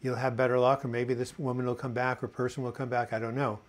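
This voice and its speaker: Man, 60s, live-stream host, chatty, corny jokester, mid-pitched voice. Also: little pitch movement, fast. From United States. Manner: chatty, tells corny jokes and puns, reads viewer comments aloud. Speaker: host of a live video chat on mental health. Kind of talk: casual live-stream chat.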